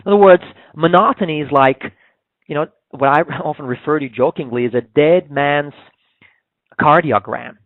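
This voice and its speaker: A man's voice: a little high, moderate pace, no echo. A man giving a public speaking webinar, talking conversationally with many fillers and restarts. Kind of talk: webinar presentation. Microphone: webinar call microphone. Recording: dry, phone-like webinar audio.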